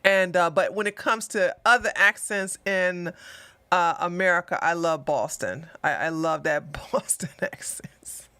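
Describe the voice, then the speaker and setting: A woman hosts a casual livestream, rambling and chatty with frequent laughter. Her voice is bright and forward. The sound is dry and close with no room echo. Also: on the low side, unhurried, smooth. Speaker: livestream news show host.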